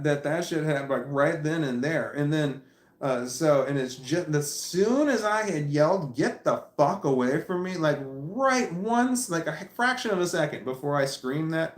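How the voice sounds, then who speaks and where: A man vlogger casually telling a story to camera, animated and profane, often repeating himself as he recounts it. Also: on the high side. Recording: roomy echo.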